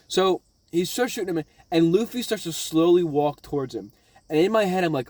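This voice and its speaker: A man at home giving a casual, rambling recap of a show in an excitable, profane way. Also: a little high, normal speed. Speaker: anime reaction vlogger.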